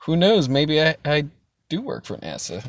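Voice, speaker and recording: A man's voice: fairly high pitch, huge pitch swings, moderate pace, vocal fry, no echo. A young man hosting a casual chat stream, rambling loosely with frequent swearing and laughter. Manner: rambling, profane, laughs often. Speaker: stream host.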